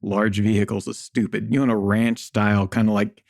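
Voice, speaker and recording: A man with a somewhat low voice talks bluntly about everyday life, tossing in swear words and jokes. The sound is dry and close to the mic. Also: level tone, a little fast, vocal fry, a little mellow, no room sound. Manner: blunt, joking, swears casually. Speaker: podcast guest. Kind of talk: casual interview chat.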